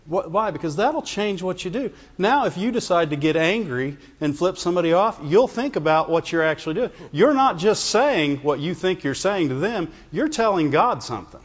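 A man's voice: high-pitched, expressive, normal speed, few pauses. A man preaching a conversational sermon to his congregation, often checking in with "Amen?" and "Right?". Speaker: pastor. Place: church sanctuary. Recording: dull reverberant church recording.

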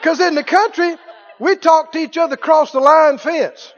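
A man preaching a sermon in a folksy way, dropping to hushed lines and rising to loud exclamations. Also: extremely high pitch, normal speed, some chatter behind, a little hiss or hum. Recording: dull lo-fi sermon recording.

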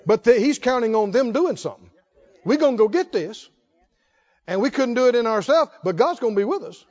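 A man's voice: very high-pitched, animated, fairly quick, a little mellow, muffled recording. A man preaching a sermon, asking questions and answering them in a folksy, call-and-response way.

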